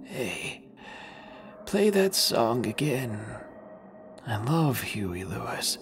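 A man voicing a creepy male vagrant hiding in a back seat, speaking in a hushed, wheedling whisper. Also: mid-range voice, very animated, extremely slow, music in the background, pitched above the performer's own voice, heavily acted. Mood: creepy pleading.

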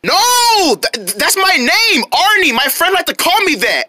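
A woman's voice: very high voice, sing-song, unhurried, bright, forceful tone, no room sound, voice pushed up, full character voice. A woman voicing a small, flustered teenage elephant in a homemade cartoon who keeps insisting on its name. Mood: exasperated. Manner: repeats itself, exasperated over its name.

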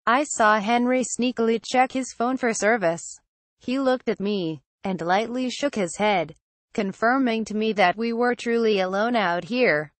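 A woman's voice: fairly high pitch, measured pace, dry recording. Woman narrating a horror story, dry sound. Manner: steady first-person storytelling.

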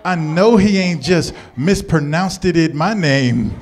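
A man's voice: a little high, expressive, measured pace, background noise. A man playing a brash, indignant woman.

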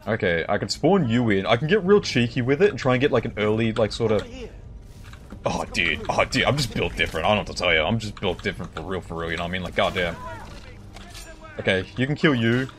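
A man's voice: fairly low pitch, animated, fast talker. A young man chatting casually to his viewers while playing a game, rambling and joking and repeating himself. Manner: rambling, jokey, repeats himself, talks to chat. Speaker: streamer. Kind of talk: casual gameplay commentary.

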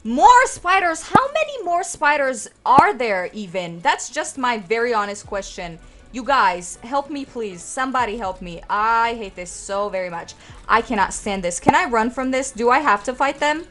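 A woman in her twenties narrating her gameplay, her voice sitting a little high. She talks to her viewers in a dramatic, exclaiming way, with faint game music underneath. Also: moderate pace, pushed and bright. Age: 20s. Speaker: let's play host. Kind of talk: casual gaming commentary.

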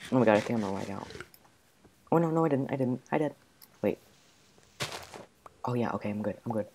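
A man narrating his own gameplay in a frantic rush, muttering orders to himself. His voice is mellow and soft-edged, with a faint hiss of noise behind it. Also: medium pitch, animated, fairly quick, long pauses. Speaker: gamer. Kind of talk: gameplay commentary.

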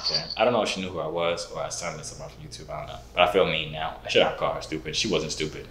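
A man's voice: a bass voice, steady tone, very fast, roomy sound, a crowd in the background. A young man vlogging, teasing strangers on a video call with a playful, mock-serious manner. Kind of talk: prank video-call chat.

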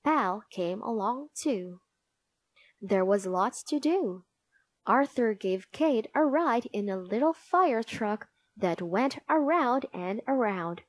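A woman reading a children's picture book aloud, expressive and sing-song. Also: fairly high pitch, slow, dry recording. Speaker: storybook reader. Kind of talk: children's read-aloud narration.

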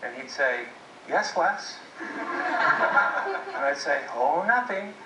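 A man's voice: mid-range voice, lively intonation, extremely slow, heavy background noise. A man presenting a seminar talk to an audience, telling stories with jokes and questions for the crowd. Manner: jokey storytelling, addresses audience. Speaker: marriage seminar speaker. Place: classroom, video played on a TV. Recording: echoey video playback from far off.

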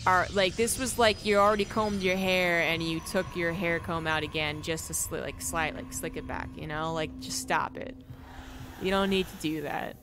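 A man's voice: a little high, steady tone, moderate pace, noisy background. A young Canadian man with a General American accent, casting a strategy game live and trading sarcastic jokes with his chat. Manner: joking, sarcastic asides to chat. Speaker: esports caster. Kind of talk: live game commentary, chatting with viewers.

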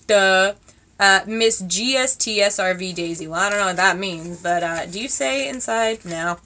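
Twenty-something woman vlogging, gushy and excitable, bright clear voice, says like a lot. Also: mid-range voice, normal speed, slight background noise. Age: 20s. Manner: gushing, excitable, lots of "like" and gasps. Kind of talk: casual unboxing chat.

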